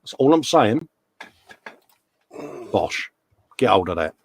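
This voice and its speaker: A man's voice: fairly low pitch, big pitch swings, slow pace, gravelly, slightly rough, dry recording. A man hosting a casual model-building chat, joking in slang and putting on silly voices. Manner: jokey banter, slang, puts on funny voices. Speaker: host. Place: hobby workshop bench.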